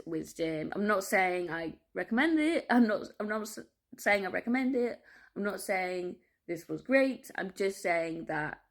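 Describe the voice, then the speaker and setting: Rambling, swearing woman, low voice. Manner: rambling, swears freely, laughs often; restless, self-interrupting, apologetic asides. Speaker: vlogger. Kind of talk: candid personal monologue.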